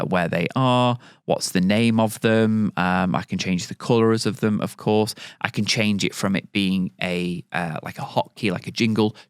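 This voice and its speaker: A man with a low, smooth voice walks through an audio gear tutorial in a loose, rambling way, full of ums and restarts. The sound is close and dry, with no room around it. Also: dry recording. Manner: loose and chatty, with many fillers and restarts. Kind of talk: casual product tutorial.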